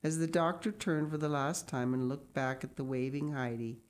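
Woman reader, low pitch, reads a children's story aloud and breaks off for asides. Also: fairly even intonation, darkish tone. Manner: reads slowly, stops to comment and cough.

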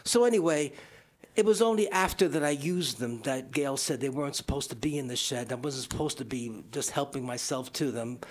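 A man's voice: medium pitch, brisk. Rambling man on community radio. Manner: rambling, self-interrupting, jokey. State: out of breath. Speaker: radio show co-host. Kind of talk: casual radio chat.

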